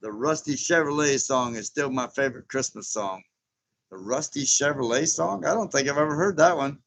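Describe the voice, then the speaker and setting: A man in his sixties hosts a casual livestream, reading out viewer comments and chatting back. His voice sits at an ordinary middle pitch, and he talks in a loose, rambling way, chuckling often along the way. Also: moderate pace, vocal fry, fairly bright tone. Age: 60s. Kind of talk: casual live chat.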